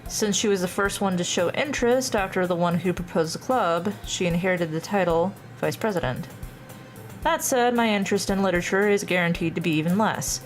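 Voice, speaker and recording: A woman's voice: on the low side, a little fast, soft background music. A young adult woman streaming live, chatting with her viewers and reading a visual novel aloud, laughing often.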